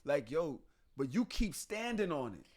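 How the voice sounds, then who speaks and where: A man's voice: on the high side, big pitch swings, unhurried, darkish tone. A man co-hosting a podcast, speaking in emphatic, slangy casual chat. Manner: emphatic, repeats points, talks in slang. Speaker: podcast co-host.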